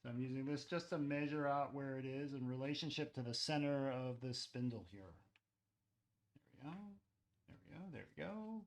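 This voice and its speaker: A man's voice: medium pitch, fairly even intonation, moderate pace. A man showing how he makes clay cups in his pottery studio, talking casually as he works and often trailing off into murmurs. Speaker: ceramics artist demonstrating. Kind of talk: live-stream pottery demonstration.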